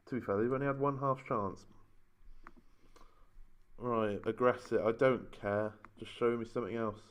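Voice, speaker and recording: A man's voice: medium pitch, a bit bright. Exasperated man moaning over a game. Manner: moaning, exasperated running commentary. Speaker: gaming YouTuber. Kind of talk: casual let's-play commentary.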